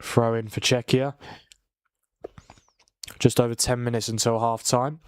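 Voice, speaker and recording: A young man talks through a football match late at night, worn out and yawning as he chats. His voice sits at a middling pitch, and the recording is dry and close with no room sound. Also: fairly even intonation, a little slow, pauses often, clear, resonant tone, no room sound. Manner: tired, yawning, chatty with restarts. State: tired. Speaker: watchalong host. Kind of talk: casual live football commentary.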